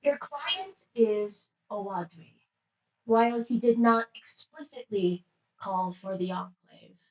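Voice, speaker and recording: A woman voicing a flat monotone attendant. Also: fairly high pitch, slow pace, muffled recording. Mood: formal. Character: monotone attendant briefing agents. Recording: roomy, distant mic.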